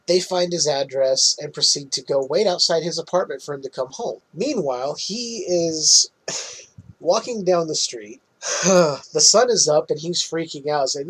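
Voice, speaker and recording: A man hosting a podcast, casually recapping a film's plot in an animated way and laughing often. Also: a little high, breathy edge, poor audio. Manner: animated retelling, quick laughs. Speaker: podcast host.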